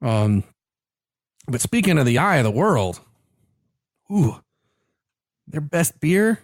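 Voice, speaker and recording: A man's voice: fairly high pitch, takes it slowly, dry recording, studio quality. A man co-hosting a casual sports and beer podcast, jokey and chatty with many fillers. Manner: animated, jokey, hesitant with fillers. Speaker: podcast co-host. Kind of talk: casual chat. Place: Orlando, Florida.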